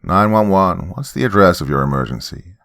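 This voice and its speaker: A man's voice: low voice, a little fast, vocal fry, no room sound, clean studio sound, full character voice. A man doing a hellish female dispatcher. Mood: calm. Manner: calm then mocking, cackling. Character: sinister female emergency dispatcher from hell.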